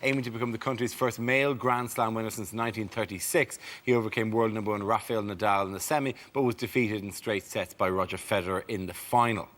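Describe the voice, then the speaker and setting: A man hosting a comedy panel show, briskly reading out questions and facts. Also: lowish voice, fairly even intonation. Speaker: quiz show host. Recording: studio audience and loud noise.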